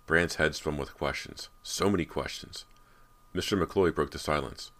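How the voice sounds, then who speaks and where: Brief: male audiobook narrator, extremely low voice, measured and steady horror storytelling.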